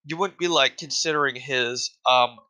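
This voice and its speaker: Man, bright edgy voice, profane exasperated solo rant, casual fillers. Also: medium pitch, normal speed, poor audio.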